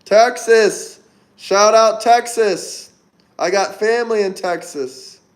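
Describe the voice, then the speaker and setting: A man hosting a casual livestream, reading viewer comments aloud and giving upbeat, chatty shout-outs. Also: sits high, slow pace. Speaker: livestream host. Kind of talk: casual live-stream chat reading comments.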